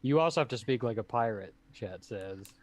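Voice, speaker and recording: A man's voice: on the low side, animated, moderate pace. A man co-hosting a live board game stream, bantering casually and laughing easily. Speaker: board game show co-host.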